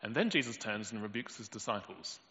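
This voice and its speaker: A man preaches in a storytelling manner and acts out quoted lines with sudden lifts. His voice is bright and forceful. The sound is dull and lo-fi, with a long reverb tail from a large hall. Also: on the low side, lively intonation, brisk. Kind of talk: sermon.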